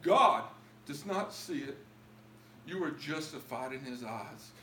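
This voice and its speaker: A man telling his own story as a testimony in a church, emotional and pleading at its high points. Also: animated, takes it slowly, sharp tone, echoey room, a little hiss or hum. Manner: emotional, rising to pleading highs. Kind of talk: testimony sermon.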